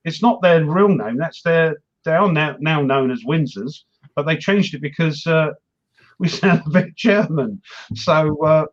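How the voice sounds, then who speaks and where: A man with a fairly high voice chats casually about wargames, rambling and poking fun at himself. His audio comes through dull and lo-fi, like a home stream setup. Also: a little slow. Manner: rambling, self-mocking, laughs often. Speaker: wargaming show host. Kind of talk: casual chat.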